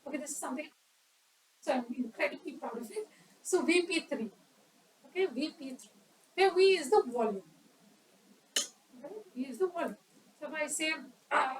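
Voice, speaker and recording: A woman's voice: high voice, animated, moderate pace, pauses often, recorded from a distance, noisy background. A woman giving an educational talk on public speaking at a club meeting, quizzing the audience and acting out examples.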